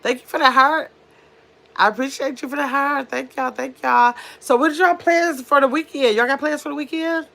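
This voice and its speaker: A woman's voice: high voice, steady tone, normal speed, vocal fry, pushed and bright. A woman hosting a casual home livestream, chatting with viewers and reading out their comments. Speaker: livestream host. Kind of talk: casual live chat with viewers. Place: at home in pajamas.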